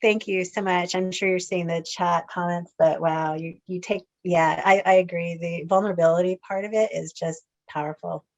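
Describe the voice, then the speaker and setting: A woman's voice: lowish voice, steady tone, normal speed, few pauses, a little mellow. A woman hosting an online poetry event, effusive and emotional, introducing performers between laughs. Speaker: event host. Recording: dull lo-fi audio.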